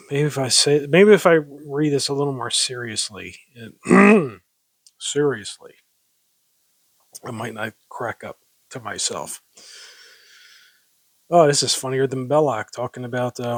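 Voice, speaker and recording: A man's voice: medium pitch, dry recording. A man casually reading public domain poems aloud, breaking off into rambling, self-mocking asides and stifled giggles. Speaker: amateur poetry reader.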